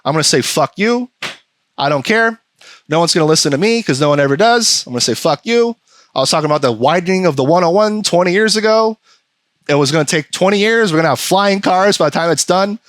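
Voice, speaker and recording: A man's voice: on the high side, animated, fast talker, fairly bright tone, no room sound. A man hosting a podcast, ranting profanely in casual chat and slipping into mocking voices. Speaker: podcast host.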